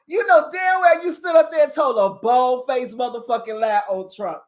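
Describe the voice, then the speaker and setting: A woman's voice: sits high, lively intonation, moderate pace, hardly any pauses. A woman giving a heated, profanity-laced rant on current events, combative and emphatic as she talks straight to her viewers. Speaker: spiritual commentator on current events.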